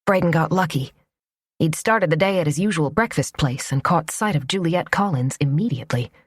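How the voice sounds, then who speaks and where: Low-pitched woman narrator, measured audiobook read, dry close sound. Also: animated, husky, no echo. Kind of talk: scripted narration.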